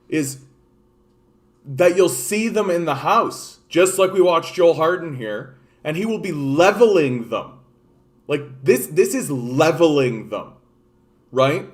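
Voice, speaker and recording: Profane, exasperated Canadian man ranting. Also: fairly high pitch. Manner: profane, exasperated, repeats phrases. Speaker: political commentator. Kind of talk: ranting political commentary.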